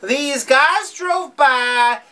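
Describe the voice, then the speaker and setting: A woman's voice: high-pitched, very slow, bright, forceful tone, full character voice. A woman playing a brash, giggly, crude small-town news host in a comedy sketch.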